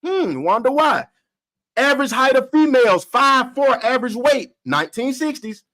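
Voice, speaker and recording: A man co-hosting a podcast, giving a loud, preachy mock-trial argument, laughing often. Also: very high voice, big pitch swings, moderate pace, rough recording. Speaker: podcast co-host arguing the defense.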